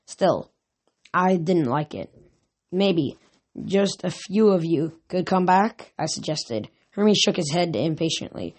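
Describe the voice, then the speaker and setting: A reader reading a novel aloud, halting and restarting often. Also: mid-range voice, lively intonation.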